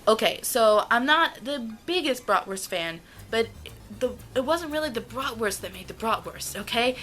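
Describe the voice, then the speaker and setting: Young woman from the US, casual vlog, gushing and enthusiastic, bright voice, fairly high, faint music underneath. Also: animated, poor audio. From United States. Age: young adult. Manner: gushing, enthusiastic, drawn-out words. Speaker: vlogger.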